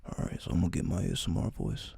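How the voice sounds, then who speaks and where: A man casually reading a text aloud, slowly and with frequent asides, in loose informal talk. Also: a little mellow, dry recording. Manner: reads slowly, stopping often for asides.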